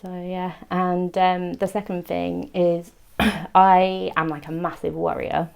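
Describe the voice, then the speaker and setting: Young woman, gravelly, lowish pitch, casual chat. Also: flat delivery, slow pace, a little mellow. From England, outside London. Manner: chatty, laughs often, quotes herself. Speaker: interviewee.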